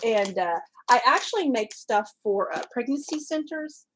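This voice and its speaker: A woman's voice: a little high, lively intonation, moderate pace, fairly bright tone, slight background noise, low-quality recording. A woman hosting her crafting channel, unboxing a gift and chatting, gushing and exclaiming, often choked up and close to tears. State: tearful, choked up. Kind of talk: casual vlog unboxing chat.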